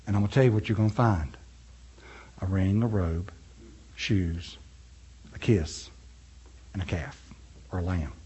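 Man preaching with big swings of pitch. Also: fairly even intonation, unhurried, pauses often, husky, highs cut off. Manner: swings from loud, high preaching to quiet, low and soft; conversational, asks the congregation questions. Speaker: pastor. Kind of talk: sermon.

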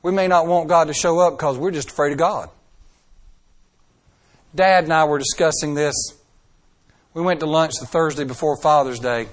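A middle-aged man preaching a sermon. He talks emphatically, with dramatic swings in loudness and pace, and asks the congregation rhetorical questions. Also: fairly high pitch, normal speed, long pauses.

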